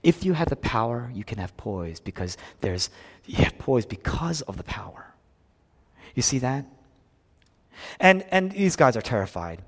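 A man preaching a sermon as a pastor, swinging between loud emphatic lines and hushed low ones. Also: big pitch swings, a little slow, long pauses, breathy edge. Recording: long hall reverb.

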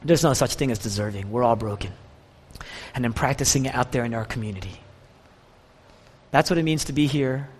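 A man preaching a sermon as pastor, passionate, with wide swings in pitch and volume. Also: fairly quick, pauses often, a little mellow, slightly rough. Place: church sanctuary. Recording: church hall with long reverb.

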